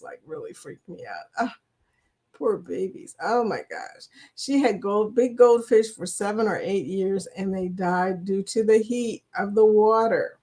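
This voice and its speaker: A woman's voice: mid-range voice, darkish tone. A woman from Kentucky with a Kentucky accent, hosting a live chat stream, who talks in a chatty, teasing way and laughs often. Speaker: livestream host. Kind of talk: casual chat greeting viewers.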